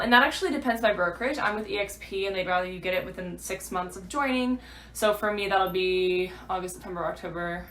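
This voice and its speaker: A woman's voice: mid-range voice, sharp tone, slight background noise. A woman, a new realtor, chatting through a rambling vlog update full of fillers. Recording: echoey room.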